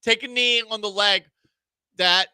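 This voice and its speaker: A man hosting a sports talk radio show, animated and joking in a rapid-fire way. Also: high-pitched, clean tone, no echo. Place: radio studio.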